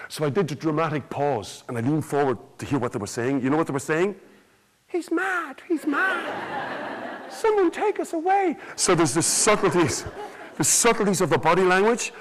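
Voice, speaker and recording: A man's voice: mid-range voice, fast, slight background noise, poor audio. An Irish man, a storyteller, giving a theatrical, joking conference talk to a live audience. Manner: animated, theatrical, jokes and quizzes the audience.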